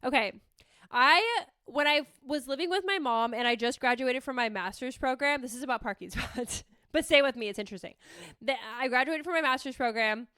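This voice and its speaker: High bright young woman storyteller. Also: fairly quick, smooth, dry recording, studio quality. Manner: rambling, lots of "like", animated retelling. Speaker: podcast host. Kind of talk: casual storytelling chat.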